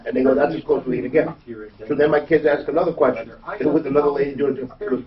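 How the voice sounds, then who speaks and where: A man hosting a radio talk show, telling a story with lively acted-out quotes. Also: medium pitch, very fast, recorded from a distance, dull audio, a crowd in the background. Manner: animated storyteller, acts out quotes. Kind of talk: casual studio chat.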